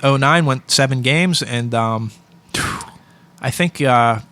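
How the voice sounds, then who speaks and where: Bright-voiced relaxed man telling stories. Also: mid-range voice, slow pace. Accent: Pittsburgh. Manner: easygoing storytelling with many fillers. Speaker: podcast guest, hockey equipment staff. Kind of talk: casual podcast interview.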